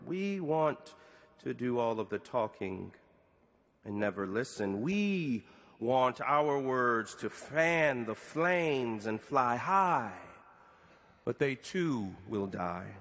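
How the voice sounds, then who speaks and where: A middle-aged man preaching a sermon framed as a prayer to God, with slow deliberate pauses and rising questions. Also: mid-range voice, expressive, fairly bright tone, in a large hall.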